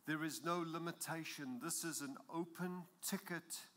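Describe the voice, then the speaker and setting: A man's voice: on the high side, measured pace, few pauses, a bit bright. A man preaching a sermon as pastor, with an accent, emphatic and building in intensity, chuckling at his own jokes.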